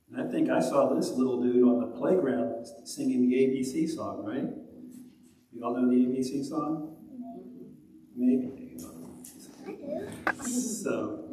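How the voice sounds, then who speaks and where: A man addresses a congregation in a relaxed, friendly way, drawing them into call-and-response. His voice comes from far off in a very echoey hall, with clear background noise. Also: medium pitch. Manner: friendly, call-and-response, chanting word pairs. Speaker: lay service leader. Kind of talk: casual talk to a congregation, teaching a song. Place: fellowship hall.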